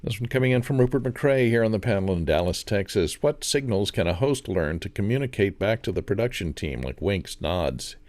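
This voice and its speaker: Low-voiced man reading out questions. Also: expressive, brisk, few pauses, darkish tone, no room sound. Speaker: reads audience questions. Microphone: video call.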